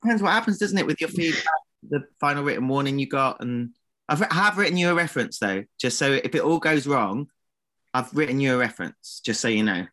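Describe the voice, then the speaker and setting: A man's voice: medium pitch, animated, quick pace, pushed and bright. A man co-hosting a podcast, bantering casually with a playful, teasing manner. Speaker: podcast co-host.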